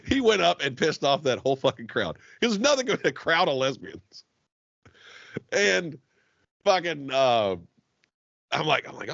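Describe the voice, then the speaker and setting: A man's voice: a little slow, creaky, pauses often, no room sound. A man co-hosting a comedy podcast, telling crude stories with a voice that swings widely up and down. He laughs often and swears freely. The recording is dry and a little dull, close to the mic. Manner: profane storytelling, laughs often, lively swings in pitch. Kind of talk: casual podcast banter.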